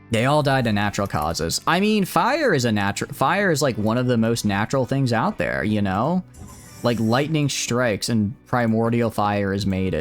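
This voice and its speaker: A man giving casual live-stream commentary over a video game, rambling through joking asides and swearing a lot when frustrated. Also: lowish voice. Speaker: gaming streamer. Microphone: streaming mic set to cap loud shouts.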